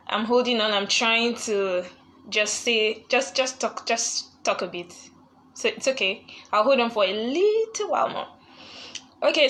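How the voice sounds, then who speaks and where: A woman's voice: mid-range voice, fairly bright tone. A young woman hosting a live online session, chatting casually and laughing often as she greets viewers. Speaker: live webinar host.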